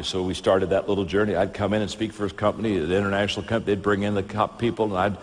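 A man's voice: on the low side, racing, big-room sound. A man preaching, telling stories and acting out the dialogue in them. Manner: lively storyteller who acts out dialogue. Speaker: Christian speaker. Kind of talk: storytelling sermon.

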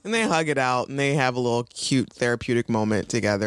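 A woman co-hosting a casual chat that recaps a TV episode, animated, laughing often and swearing as she acts out the characters. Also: very deep voice, quick pace, hardly any pauses, smooth, no echo. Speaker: podcast co-host.

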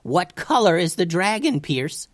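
A man doing a brisk, high-pitched Tubes. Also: very animated, no echo. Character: brisk, no-nonsense woman guide, practical. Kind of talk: storybook reading.

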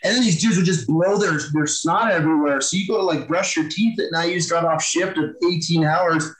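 A man's voice: fairly high pitch, fairly quick, fairly bright tone, echoey room, low-quality recording. A man who is a former Marine, telling war stories as a podcast guest in a blunt, profane, casual way and acting out the banter he quotes. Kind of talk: casual storytelling interview.

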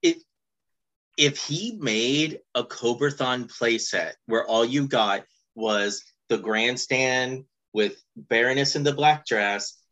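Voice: medium pitch, takes it slowly, fairly bright tone, lo-fi sound. A podcast co-host chatting casually about toys, with playful, jokey enthusiasm. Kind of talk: casual fan podcast chat.

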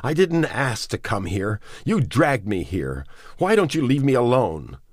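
Male reader doing a distraught young woman survivor, husky, pleading and bitter. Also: deep voice, animated, a little slow, darkish tone, dry recording, exaggerated voice. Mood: sobbing, pleading. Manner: pleading, bitter, near tears.

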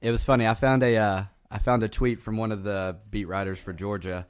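A man's voice: fairly low pitch, flat delivery, fairly quick, clean tone. A man co-hosting a casual chat, cocky and teasing. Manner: cocky, teasing, laughs along. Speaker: podcast co-host.

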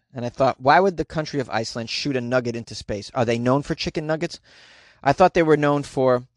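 A man's voice: fairly high pitch, no echo, studio quality. A man hosting a comedy podcast, reading news stories and mocking them with sarcastic jokes. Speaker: podcast host.

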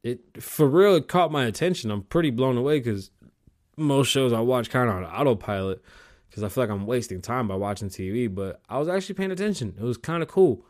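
A man hosting his own show alone, talking in a casual, rambling rant full of swearing, his pitch jumping up when worked up. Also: brisk. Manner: profane, rambling, animated swings in pitch. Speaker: podcast host.

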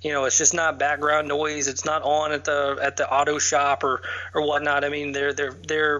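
Bright-voiced guest podcaster, lo-fi sound. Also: male voice, a little high, completely flat delivery. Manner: easygoing, agreeable, quick interjections of "right". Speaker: podcast host. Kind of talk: casual podcast chat. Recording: dull lo-fi recording.

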